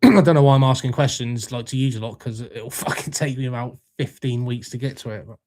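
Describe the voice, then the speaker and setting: A young British man hosts a casual live stream, reading out viewer comments as they come in. He talks in a loose, laid-back way and drops in jokes and swearing with ease. His voice sits at an ordinary pitch for a man. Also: brisk, a little mellow. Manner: laid-back, swears freely, jokey banter with chat. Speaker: livestream host.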